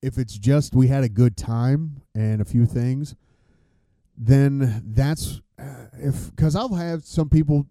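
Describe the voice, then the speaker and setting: A man's voice: medium pitch, slow pace, mellow, no room sound, clean studio sound. A man hosting a casual podcast chat, rambling, swearing freely and losing his train of thought. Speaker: podcast host.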